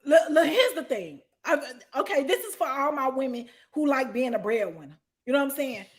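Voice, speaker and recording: High-voiced blunt profane woman. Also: sing-song, a little fast. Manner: blunt, profane, laughs loudly, bursts into shouting. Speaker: storyteller guest. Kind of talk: casual storytime chat.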